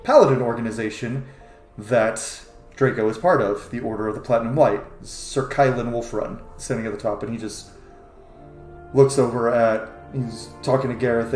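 Man, game master, casual narration, mid pitch, echoey room. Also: darkish tone. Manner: casual, loose, with fillers and laughs. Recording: roomy echo.

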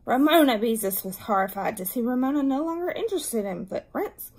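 A woman reading a children's book aloud, her voice slightly high and breathy. She narrates with lively expression, leaning into the story for young listeners. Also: a little fast, low-quality recording.

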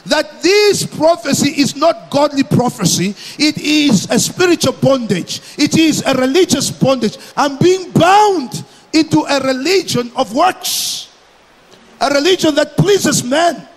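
A man from Malawi preaching a sermon as pastor, emphatic and deliberate, repeating his phrases for effect. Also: very high-pitched, lively intonation, in a large hall.

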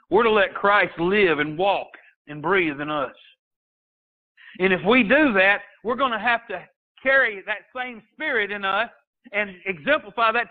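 A man preaching a sermon as a pastor, rising into emphatic bursts and quoting scripture in old-fashioned wording. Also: sits high. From Texas. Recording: tinny phone-line sound.

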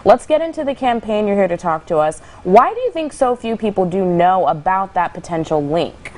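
A woman's voice: mid-range voice, very animated, moderate pace, a little mellow, slight background noise. Enthusiastic woman hosting morning TV. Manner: enthusiastic, exclaiming. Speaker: morning TV host. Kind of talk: morning TV interview.

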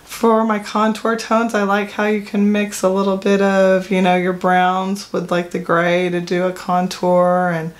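A woman's voice: medium pitch, completely flat delivery, a little slow, few pauses. A middle-aged woman, chatting casually to camera about her makeup collection, rambling with fillers and self-corrections. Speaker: beauty vlogger. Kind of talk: casual product talk to camera.

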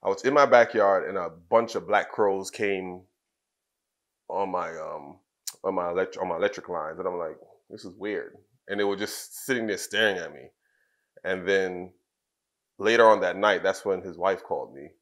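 A middle-aged man from Trinidad speaks as an interview guest with a fairly low voice. He tells personal stories candidly, stumbling over restarts and filling pauses as he goes. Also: fairly bright tone. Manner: candid, halting, many fillers and restarts. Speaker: guest, former wrestler. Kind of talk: casual interview storytelling.

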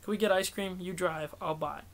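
A giggly, impulsive young woman speaks in an audiobook, apologetic and a little higher than average, as a man reads her part. Her lines come in a plain, everyday tone. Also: steady tone, brisk. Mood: light.

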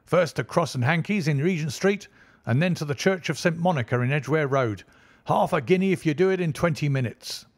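Guy reading panicky young lawyer yelling at people, high and loud, dry sound. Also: fairly quick, no echo. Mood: urgent. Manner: urgent, shouting commands. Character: frantic young male lawyer in a rush.

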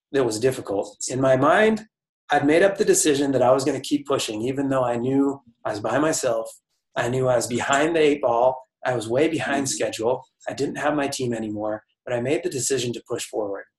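A man's voice: mid-range voice, echoey room, poor audio. A man giving a motivational talk to a team, telling a personal story in an earnest way, restarting phrases and speaking straight to the audience. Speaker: corporate speaker.

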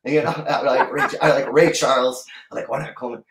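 Middle-aged male guest, rambling storyteller, average pitch, roomy sound. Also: fairly even intonation, recorded from a distance. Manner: rambling, halting, with many restarts. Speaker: guest musician. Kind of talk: casual storytelling interview.

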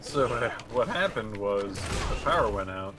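A man with a fairly low voice chats along over a voice call, laid-back and rambling as he comments on the game. His line carries a clear, steady hiss of noise. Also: unhurried. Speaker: co-commentator friend. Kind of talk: casual chat over voice call.

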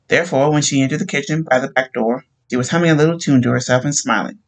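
Male reader narrating a story, steady and plain, mid-pitched. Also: quick pace, few pauses, rough recording. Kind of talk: reading a short story aloud.

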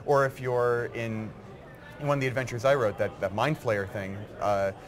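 A man who writes game material, talking in a casual interview with eager, quick bursts of explanation. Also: medium pitch. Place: busy game convention floor. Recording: loud crowd chatter behind.

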